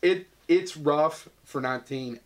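A man hosts a casual podcast with a slightly higher voice than most. He jokes around loosely and swears now and then. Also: measured pace, crowd noise. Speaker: podcast host. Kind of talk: casual chat.

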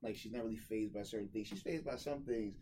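A man co-hosting a podcast, telling stories in animated casual banter and often repeating his words. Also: on the low side, quick pace, a little hiss or hum. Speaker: podcast co-host.

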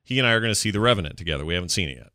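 A man's voice: low voice, expressive, rapid-fire, bright, forceful tone, no room sound, clean studio sound. A middle-aged man chatting casually as a podcast co-host, rambling with many restarts. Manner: rambling, restarts, laughs a lot. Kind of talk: casual chat.

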